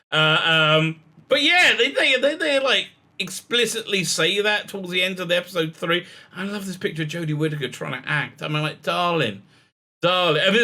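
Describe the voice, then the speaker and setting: A man's voice: on the high side, bright, forceful tone. A man delivering a sarcastic, mocking video commentary rant, laughing often and stumbling over fillers. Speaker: YouTube commentator.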